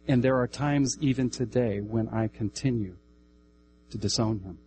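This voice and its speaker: A man preaching a sermon emphatically, repeating key phrases and swinging between raised, high-pitched declarations and quiet, lower passages. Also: fairly even intonation, moderate pace, slight background noise, poor audio.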